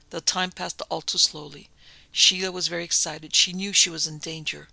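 Gravelly male audiobook narrator. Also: fairly high pitch, normal speed, no room sound, low-quality recording. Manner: steady, plain reading.

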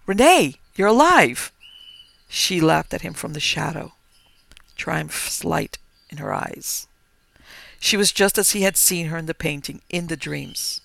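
A man reading a horror story aloud in a slow, dramatic way. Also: fairly high pitch, fairly even intonation, vocal fry, a bit bright, no room sound. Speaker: narrator.

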